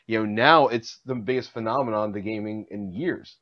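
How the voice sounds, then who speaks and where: A man's voice: on the low side, normal speed. A man co-hosting a live show, chatting with lots of fillers and addressing the viewers directly. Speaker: show co-host. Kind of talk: casual live show chat. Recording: dull lo-fi stream audio.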